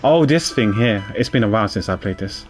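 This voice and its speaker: A man's voice: fairly low pitch, expressive, fairly quick, soft background music. A man streaming a game, chatting casually and animatedly, stammering a little when he explains things. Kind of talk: casual gaming commentary.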